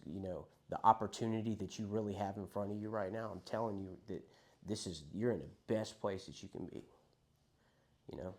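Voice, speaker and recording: A man's voice: sits low, darkish tone. Candid man telling his recovery story. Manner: candid, profane, conversational storytelling. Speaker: recovery speaker. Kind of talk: personal recovery story told to a group.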